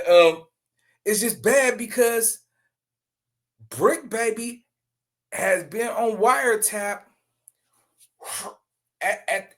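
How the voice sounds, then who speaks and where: A young man hosting a rowdy reaction commentary show, shouting, laughing and dropping to mutters. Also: high voice, vocal fry. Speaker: YouTube commentary host. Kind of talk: loud animated reaction commentary.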